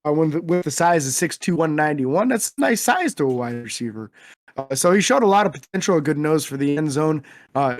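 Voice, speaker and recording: Man, podcast co-host, steady analytical read on players, a bit high-pitched. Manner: methodical player breakdowns. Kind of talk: casual sports podcast chat.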